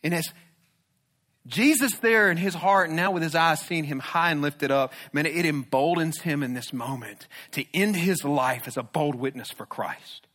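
A man preaching a sermon, moving between loud emphatic declarations and hushed, low, intense passages. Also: normal speed. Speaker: pastor.

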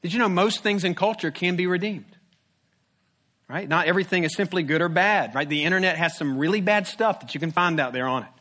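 A man's voice: high-pitched, fairly quick, sharp tone. A man preaching a sermon as a pastor, conversational and humorous, with rhetorical questions.

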